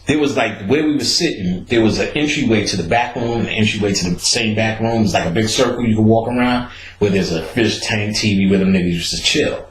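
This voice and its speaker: Animated man telling a street story. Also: lowish voice. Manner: streetwise, profane and animated, laughing at his own story. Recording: roomy echo.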